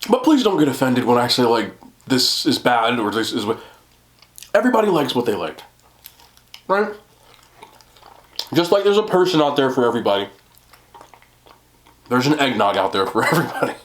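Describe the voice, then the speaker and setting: A young man with a mid-pitched voice talks casually while he eats, chatty and easy, with frequent laughs and jokes at his own expense. The sound is roomy, as if he is recording in a room at home. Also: sing-song, normal speed, long pauses. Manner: chatty and self-deprecating, laughs often, talks while eating. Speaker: mukbang vlogger. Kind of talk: casual eating vlog chat.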